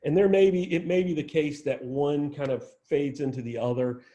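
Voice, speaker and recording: Guy giving a chatty plant talk, mellow low-key voice, lots of "you know". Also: fairly even intonation, normal speed, lo-fi sound. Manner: conversational, frequent restarts and "you know". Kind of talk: informal lecture.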